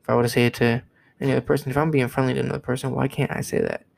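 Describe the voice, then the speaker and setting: Very gravelly young man ranting. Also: medium pitch, level tone, very fast, low-quality recording. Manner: blunt, profane, repeats himself. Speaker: vlogger. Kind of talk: heated opinion rant.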